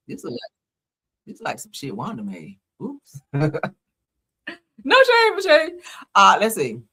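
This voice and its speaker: Woman host, casual reaction chat, laughs a lot, swears, lively, bright voice. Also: sits low, husky. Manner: loud laughing, chatty, swears freely. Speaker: YouTube commentary host.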